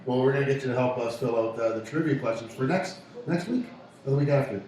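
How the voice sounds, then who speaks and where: A man's voice: mid-range voice, quick pace, a little mellow. A man co-hosting a casual radio show, joking and laughing often. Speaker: co-host of a pub radio show. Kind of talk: casual banter. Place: pub. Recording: echoey pub room from far off. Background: faint room noise.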